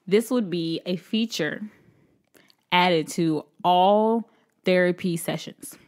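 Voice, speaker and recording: A woman co-hosting a casual podcast, blunt and wry in her remarks. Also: takes it slowly. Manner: blunt, wry, lively pitch. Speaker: podcast co-host. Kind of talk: casual chat.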